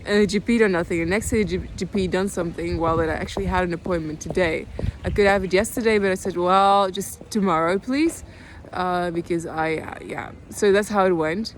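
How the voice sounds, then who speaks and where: In a halting personal video diary, a Dutch-accented woman in her twenties speaks calmly and low-key, often near tears. She pauses a lot and restarts her sentences, with slight background noise behind her.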